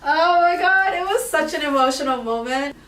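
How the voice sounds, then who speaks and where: A woman in a casual vlog, telling an emotional story expressively and often trailing off softly. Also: high-pitched, animated, normal speed, recorded from a distance. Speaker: vlogger. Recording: echoey room, camera mic from afar.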